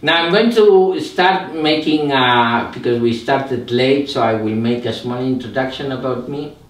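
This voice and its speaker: Older male meditation teacher, Spanish native, slow and reflective, recorded off-mic in a roomy space. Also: medium pitch. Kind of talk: live meditation talk. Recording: echoey room, mic at a distance.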